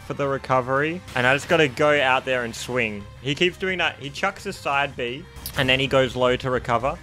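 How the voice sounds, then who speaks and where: A young man giving excitable live commentary while playing a fighting game, reacting loudly to plays. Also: medium pitch. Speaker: gaming streamer.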